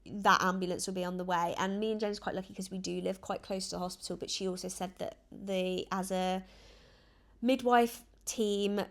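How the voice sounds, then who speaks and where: Chatty woman vlogger. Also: mid-range voice. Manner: chatty, rambling, earnest. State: emotional, close to tears at times. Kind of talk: casual chat to camera.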